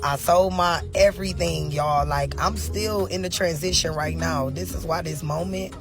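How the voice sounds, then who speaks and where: A woman's voice: lowish voice, normal speed, over music. A single mother crying as she talks to camera, emotional and repetitive, calling her viewers y'all. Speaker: single mother vlogging her move abroad. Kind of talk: tearful personal confession to camera.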